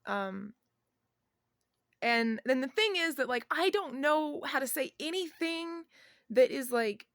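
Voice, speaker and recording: A woman telling a personal story in a casual vlog, rambling and halting, with many fillers and restarts and soft laughs between thoughts. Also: high-pitched, animated, no echo, clean studio sound. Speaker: vlogger.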